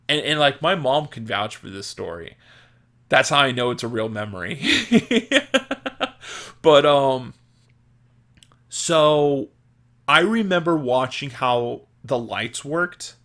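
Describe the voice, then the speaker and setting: A young man tells stories from his childhood in a loose, unhurried monologue, full of "like" and restarts. His voice has a bright, forward tone, and he takes his time getting through each tale. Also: mid-range voice. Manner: rambling, filler-heavy, laughs at own stories. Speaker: podcast host. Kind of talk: casual storytelling monologue.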